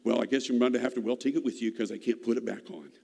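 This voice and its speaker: A man's voice: mid-range voice, fairly even intonation, rapid-fire, gravelly, darkish tone. A man doing a folksy old storekeeper. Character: folksy old male country storekeeper, kindly. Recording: long hall reverb.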